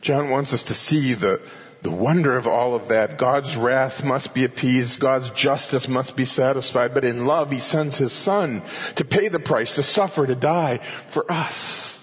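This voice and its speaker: A man preaching an expository sermon in earnest, slowing down and rising in pitch to stress key points. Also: breathy edge. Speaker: pastor. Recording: dull audio with long hall reverb.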